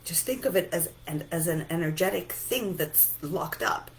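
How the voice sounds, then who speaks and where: A sleepy woman giving a gentle self-help talk, softly repeating reassuring affirmations. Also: fairly low pitch, expressive, normal speed, slight background noise, poor audio. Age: adult, a mother. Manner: soft, repetitive, reassuring affirmations. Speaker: self-help and EFT speaker.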